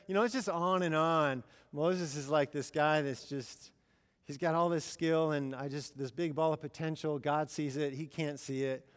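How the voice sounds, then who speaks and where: A man's voice: on the high side, moderate pace. A man in his thirties giving a sermon, telling stories in a chatty, conversational way with plenty of fillers and acted-out quotes. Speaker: missionary speaker. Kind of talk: sermon storytelling. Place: church. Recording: long hall reverb.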